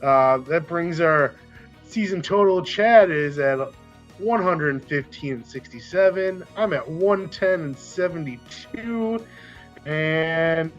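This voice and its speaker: A man's voice: fairly high pitch, takes it slowly, faint music behind. A man hosts a casual football podcast in a slightly raised voice. He rambles, corrects himself mid-sentence, and the recording sounds a little dull. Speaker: podcast host. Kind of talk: casual chat.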